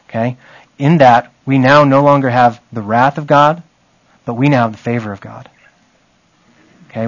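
A man's voice: mid-range voice, no echo, dull audio. A man teaching a Bible study in a conversational way, often checking in with his listeners.

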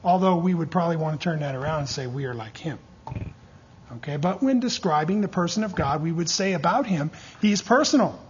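A man delivering a sermon in a strongly husky, breathy voice that sits on the higher side for a man. He keeps checking in with his listeners and prompting their replies as he teaches. The recording sounds dull and lo-fi. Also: a little fast. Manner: lively preaching with call-and-response checks. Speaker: pastor teaching a church class.

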